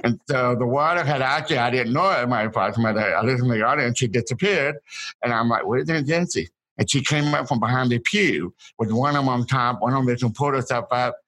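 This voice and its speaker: Guy telling old family stories, mid-pitch voice, keeps restarting and repeating words. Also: a little fast, a bit bright, poor audio. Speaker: interview guest, author. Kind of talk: casual storytelling.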